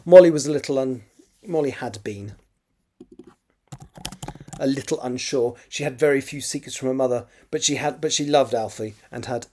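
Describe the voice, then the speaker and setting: Man, mid-pitched, reading own draft, self-correcting, wry. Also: fairly quick, a little mellow, slight background noise. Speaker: writer. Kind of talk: reading his own draft aloud with asides.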